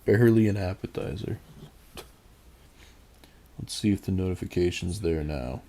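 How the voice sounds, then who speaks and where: A man's voice: low-pitched, normal speed, mellow. A man streaming a game, chatting casually and rambling as he reads and answers his chat.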